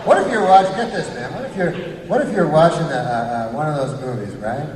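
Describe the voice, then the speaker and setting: A man's voice: fairly high pitch, sing-song, quick pace. A man doing a rambling, profane stand-up routine, often chuckling at his own jokes. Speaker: stand-up comedian. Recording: echoey hall, mic far off, loud crowd and noise.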